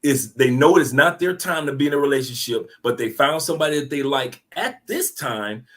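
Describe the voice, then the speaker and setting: A man co-hosting a casual discussion, animated and preachy, with slangy talk and repeated words. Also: medium pitch, brisk.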